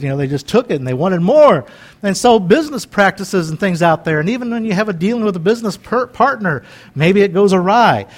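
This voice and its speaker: A man in his fifties preaching in a folksy, conversational way, joking and wandering into chatty asides. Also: high voice. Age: 50s. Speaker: pastor.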